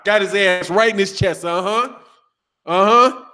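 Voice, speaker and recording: High, bright-voiced trash-talking man. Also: a little slow. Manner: animated, profane, trash-talking, laughs often. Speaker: boxing channel host. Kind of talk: casual livestream commentary reading chat.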